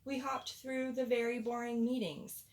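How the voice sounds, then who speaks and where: A woman reading a children's picture book aloud in a playful, expressive storytelling voice. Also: fairly high pitch, moderate pace.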